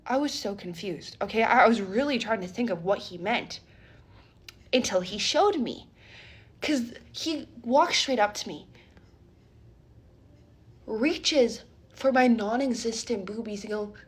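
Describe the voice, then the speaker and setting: A young woman casually retelling a wild dating story in a storytime vlog, animated and dramatic, often asking "okay?". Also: on the high side, a little slow, pauses often, husky.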